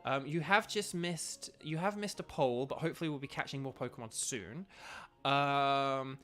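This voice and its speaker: A man's voice: medium pitch, moderate pace, bright, forceful tone, soft background music. A young man chatting casually and rambling while streaming a video game. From United Kingdom. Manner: rambling, filler-heavy, chatty. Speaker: streamer and voice actor. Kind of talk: casual gaming stream chat.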